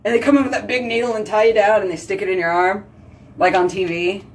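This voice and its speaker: Chatty woman host, casual and animated. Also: medium pitch, fast talker, slight background noise. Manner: chatty, heavy use of "like", animated exclamations. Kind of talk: casual chat with viewers.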